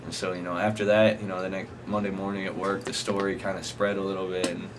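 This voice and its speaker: A man's voice: low voice, little pitch movement, fast talker. A young man casually telling a rambling, profane anecdote to friends, often laughing as he talks. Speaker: storyteller. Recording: noisy amateur recording.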